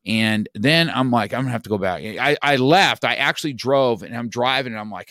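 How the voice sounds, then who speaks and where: A man's voice: mid-range voice, animated, fairly quick, hardly any pauses, fairly bright tone, no room sound, clean studio sound. A middle-aged man, a podcast guest, telling a story in casual chat, rambling with many restarts and "you know, man.".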